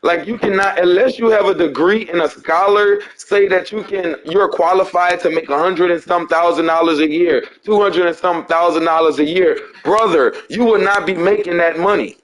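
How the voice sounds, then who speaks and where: Male preacher, high register, insistent and repetitive, addresses a caller directly. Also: moderate pace, hardly any pauses, fairly bright tone, low-quality recording.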